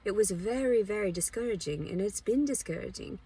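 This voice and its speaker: A woman's voice: mid-range voice, expressive, brisk, mellow, breathy edge, recorded from a distance. A woman talking to camera in a meandering personal monologue, frank and blunt, often restarting her sentences. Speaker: vlogger.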